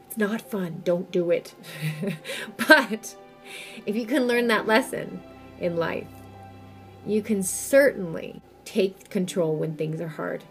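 A woman vlogger telling a personal story to camera in an expressive, emphatic way. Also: medium pitch, slow pace, pauses often, soft background music.

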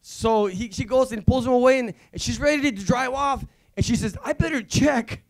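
A man, a visiting pastor, giving a rambling, excitable testimony at a church service, full of restarts. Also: very high voice, fairly quick. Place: church sanctuary.

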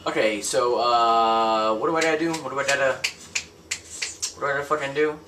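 A young man giving crude, profane gameplay commentary, ranting loudly and then muttering under his breath. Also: medium pitch, fairly even intonation, moderate pace, recorded from a distance, background noise. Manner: loud, crude, ranting, jumps between yelling and muttering. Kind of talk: profane let's-play commentary.

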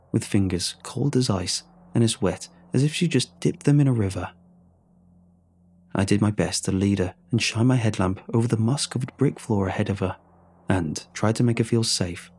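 A man reading a horror story aloud in a measured, somber way. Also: lowish voice, darkish tone, a little hiss or hum. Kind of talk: scripted horror narration.

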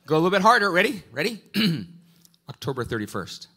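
A middle-aged man, a pastor, giving a sermon and quizzing the congregation in a lively, playful way. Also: a little high, fairly quick, husky. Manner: prayerful, quiet and hushed when praying. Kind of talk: sermon with audience interaction.

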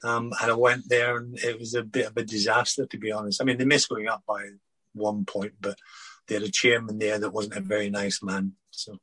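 An older former footballer, husky-voiced, recalling his career in a halting interview chat full of restarts. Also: lowish voice, little pitch movement, bright, forceful tone, no echo, poor audio. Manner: halting, many restarts and repeated words.

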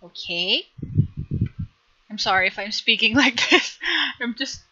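A woman teaching a live drawing tutorial on stream, chatty and giggly, gently coaching her viewers. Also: a little high, moderate pace, highs cut off.

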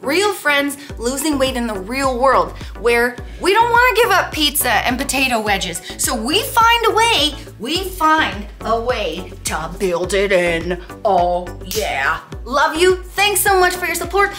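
Upbeat woman vlogger, high bright voice, faint music behind her, super excited about her food. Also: measured pace, hardly any pauses. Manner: bubbly, enthusiastic, upbeat encouragement. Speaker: weight loss cooking vlogger. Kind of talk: casual cooking vlog chat.

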